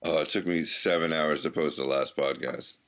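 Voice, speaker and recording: Low-voiced joking podcast host. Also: male voice, steady tone, normal speed, fairly bright tone. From United States. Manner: joking, laughs often. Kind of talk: casual banter.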